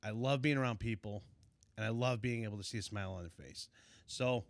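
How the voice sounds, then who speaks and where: A man, a fishing guide from Illinois, telling a story in casual conversation, animated and quick to act out shouted lines. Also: lowish voice, no echo. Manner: animated, acts out shouted quotes. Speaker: fishing guide, podcast guest.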